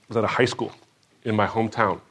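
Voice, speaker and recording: A man telling his personal faith story to a live audience. He acts out what people said in a higher, louder voice and drops low and quiet at the emotional moments. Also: fairly even intonation, fast talker, husky.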